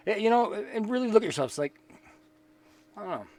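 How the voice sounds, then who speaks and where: Male spiritual speaker, slightly high voice, casual and rambling, earnest, stumbles and repeats while thinking aloud. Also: expressive, brisk, a little mellow, dry recording. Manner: earnest and reflective. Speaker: spiritual teacher.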